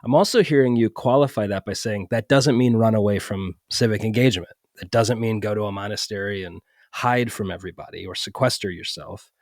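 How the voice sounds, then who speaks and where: A male podcast host with a fairly low voice recaps what his guest has said in a thoughtful way, then asks his next question. The sound is dry and close, with no room echo. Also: a little fast, hardly any pauses. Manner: thoughtful, sums up the guest's points. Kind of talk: interview questions.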